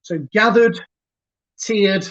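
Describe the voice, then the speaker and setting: A man hosting a virtual pub quiz over a video call, chatty, chuckling, and reading each question twice, slowly. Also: high voice, fairly even intonation, fairly bright tone. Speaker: quiz host. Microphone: computer mic on a video call. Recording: dull lo-fi video call audio.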